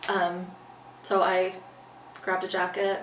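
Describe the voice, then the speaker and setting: Her voice is on the low side and a bit bright, delivered slowly and completely flat. She's an interview guest earnestly recounting something from her life by performing the words she spoke at the time, captured on a distant mic in a roomy space with faint background noise.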